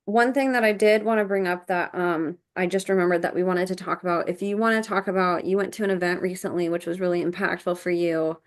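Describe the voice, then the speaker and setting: Woman, podcast host, encouraging, appreciative, fairly low voice. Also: steady tone, quick pace, few pauses. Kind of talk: casual interview.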